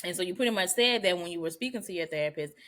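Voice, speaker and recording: A woman co-hosting a podcast in casual chat, talking in a relaxed, slangy way with laughing asides. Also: fairly low pitch, rapid-fire. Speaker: podcast co-host.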